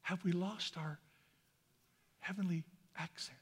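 A man's voice: high-pitched, fairly even intonation, slow, husky. Impassioned preacher man in a reverberant hall. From Boise, Idaho. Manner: impassioned, swings from hushed to loud. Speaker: pastor. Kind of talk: sermon.

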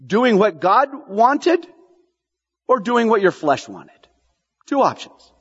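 A male pastor preaching with a high, lively voice that swings widely as he presses questions on the congregation. The sound is dull and lo-fi, with a long reverb trailing off the church walls. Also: takes it slowly, husky. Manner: animated preaching, repeats lines for emphasis, asks the congregation questions. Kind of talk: sermon.

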